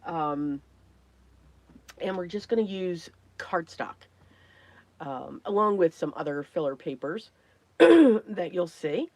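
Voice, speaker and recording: A woman hosting a casual crafting livestream, chatty and greeting viewers by name, her voice hoarse and worn from talking, often clearing her throat. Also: on the low side, sing-song, slow pace, pauses often, a little mellow, dry recording. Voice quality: frequent throat clearing and coughs.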